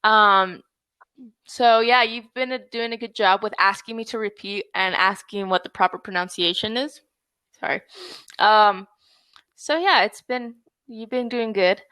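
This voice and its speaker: A woman tutor on a video call, coaching a learner through English pronunciation with patience and a friendly tone. Her voice sits at a middle pitch, and the sound is dry and close. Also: measured pace, sharp tone, smooth, dry recording. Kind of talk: online English lesson.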